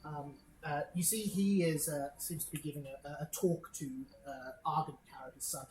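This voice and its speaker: A woman's voice: sits low, steady tone, moderate pace, darkish tone, roomy sound, poor audio. A woman narrating a tabletop game as game master, describing scenes with many hesitant fillers.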